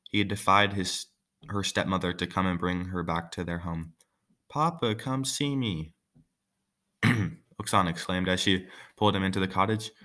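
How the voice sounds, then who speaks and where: A man's voice: sits low, pushed and bright. A man reading a folk tale aloud, breaking off for joking, offhand asides. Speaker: story reader.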